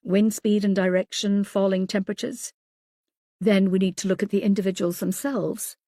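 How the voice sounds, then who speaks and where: A woman's voice: medium pitch, flat delivery, mellow, no room sound, studio quality, lightly acted. Woman reading as a methodical male pathologist. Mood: measured. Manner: measured, explanatory.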